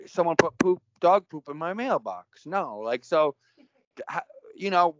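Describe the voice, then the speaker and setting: A man's voice: a little high, fairly bright tone, dry recording. A man hosting a casual spiritual conversation, playful and joking, laughing often. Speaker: podcast host. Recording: dull lo-fi sound.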